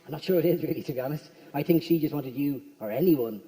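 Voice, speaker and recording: A high-voiced man doing live stand-up, rattling along quickly and breaking into quick impressions of people. His voice rings through the long reverb of a large hall, heard from a stage mic. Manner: rapid, excitable, mimics crowd members. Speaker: stand-up comedian.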